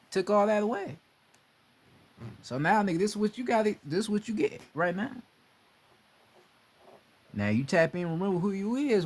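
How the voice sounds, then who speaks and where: A young man talking in a casual monologue, profane and animated, often slipping into mocking voices of others. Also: high voice.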